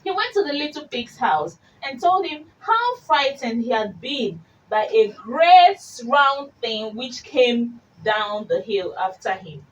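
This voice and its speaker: A woman hosting a children's radio show, reading stories aloud in an expressive, slow, animated way. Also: fairly high pitch, highs cut off. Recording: distant mic with faint hiss.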